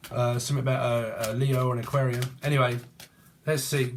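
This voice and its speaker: A man's voice: mid-range voice, level tone, fairly quick, a little hiss or hum. Rambling, free-associating man. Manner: free-associating, swears, breaks into song snatches. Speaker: tarot reader. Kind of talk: rambling casual tarot reading.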